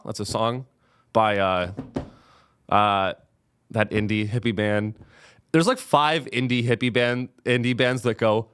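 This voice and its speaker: A man's voice: mid-range voice, sing-song, measured pace, a bit bright, clean tone. A young man hosting a comedy podcast. He sounds caffeinated and rambles through a profane monologue, full of restarts.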